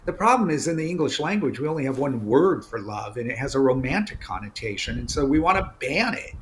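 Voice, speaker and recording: A middle-aged man chatting as a guest in an interview, frank and full of stories about his working life. He talks in an easygoing, animated way with asides and restarts, at an ordinary pitch for a man. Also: fairly quick, slight background noise. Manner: candid, storytelling, animated asides. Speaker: executive guest. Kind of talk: casual interview chat.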